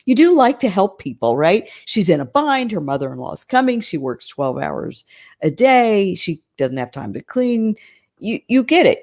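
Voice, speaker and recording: A woman's voice: medium pitch, a little mellow. A woman coaching cleaning-business owners in an emphatic, conversational way, often checking in with "right?".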